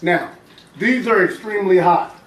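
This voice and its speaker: A man with a drawl talks to his viewers in an upbeat, chatty way while cooking live, his voice sitting fairly high. The kitchen sounds hard and echoey, with running water behind him. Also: normal speed. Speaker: home cook hosting a live stream. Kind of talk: casual live cooking chat.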